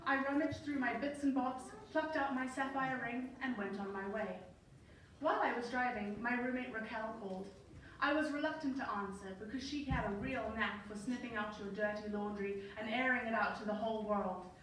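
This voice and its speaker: A woman in her thirties with a Zimbabwean accent, telling a story on stage with wry, playful timing. Her voice sits fairly high and carries from far off through a very echoey hall with a faint hum. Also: fairly even intonation, moderate pace, a bit bright. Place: large hall.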